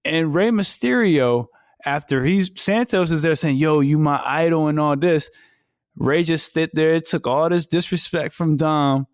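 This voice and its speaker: A man co-hosting a wrestling podcast in casual chat, animated, acting out quotes in slang. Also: on the high side, measured pace, dry recording, studio quality. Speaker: podcast co-host.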